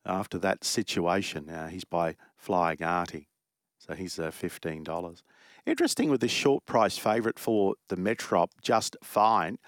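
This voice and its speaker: A man's voice: sits low, no room sound, clean studio sound. A man hosting a horse racing radio show, chatty and rambling as he reads out betting odds.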